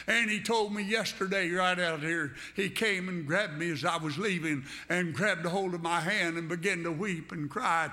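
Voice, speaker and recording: Man, preacher, sermon, high voice, fervent, repeats phrases, addresses the congregation. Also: bright, forceful tone.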